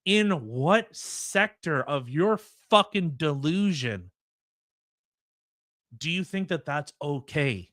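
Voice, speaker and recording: Heated, bright-voiced podcast host man. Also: a little high, expressive, slow, dry recording, clean studio sound. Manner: indignant, heated, stammering restarts. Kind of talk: opinionated commentary.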